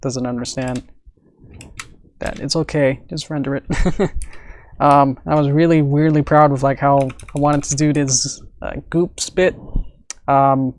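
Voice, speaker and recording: A man's voice: mid-range voice, steady tone, unhurried, pauses often, a little hiss or hum. A man who animates, chatting casually on a live stream about his work. He rambles, uses many fillers and laughs often. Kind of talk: casual livestream chat.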